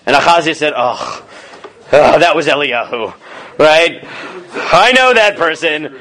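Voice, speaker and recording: A man with a fairly high, bright-sounding voice leads an informal Torah class as a rabbi. He moves between chanting Hebrew verses and loose, animated paraphrase. He keeps checking in with his students as he goes. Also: measured pace. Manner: animated, casual, acts out quoted lines; questions students often, adds "right?".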